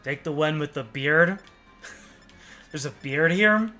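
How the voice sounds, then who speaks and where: A man's voice: fairly high pitch, slow, bright, forceful tone, faint music behind. A man streaming a game, chatting casually and joking while sometimes reading the game's text aloud in a put-on newscaster voice. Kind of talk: casual let's-play commentary.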